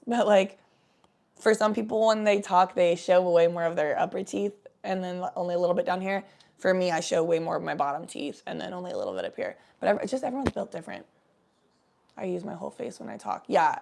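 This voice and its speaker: A young woman with a gravelly, fry-touched voice at a middle pitch chats loosely with her viewers. Her talk rambles and she swears freely. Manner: rambling, swearing, laid-back chat with viewers. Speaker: livestream host. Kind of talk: casual chat.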